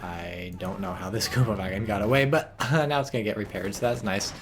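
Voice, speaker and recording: A man's voice: on the low side, a little fast, loud music behind the voice. A man casually commentating a strategy game replay, wry and rambling, rising to exclamations at blunders.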